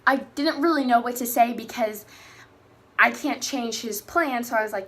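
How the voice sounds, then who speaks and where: A teenage girl talks casually in a slightly high voice. She rambles and restarts her sentences, chatty and open as she shares a personal story about faith. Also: normal speed, a bit bright. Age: teens. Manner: chatty, rambling, self-correcting. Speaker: faith vlogger.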